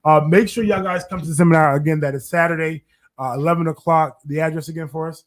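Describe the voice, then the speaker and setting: A man's voice: on the high side, steady tone, fast. A man hosting a community radio podcast, talking emphatically, repeating his phrases and laughing often. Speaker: podcast host. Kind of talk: energetic radio talk.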